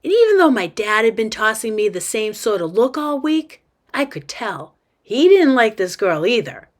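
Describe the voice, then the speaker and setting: A woman teacher reading a first-person novel aloud, with an expressive manner. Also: a little high, normal speed.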